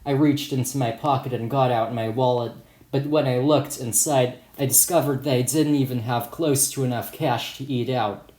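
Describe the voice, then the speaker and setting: A man's voice: medium pitch, fairly even intonation, moderate pace, darkish tone. A man reading his own first-person story as an audiobook in a plain, matter-of-fact way. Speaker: author and narrator. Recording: roomy echo.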